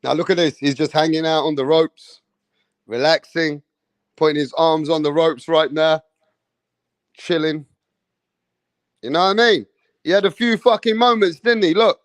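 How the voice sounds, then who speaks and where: Animated, profane man breaking down a fight. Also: on the high side, moderate pace, pauses often, no echo. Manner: animated, profane, mocking, street slang. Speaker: boxing commentator. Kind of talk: live-stream fight breakdown.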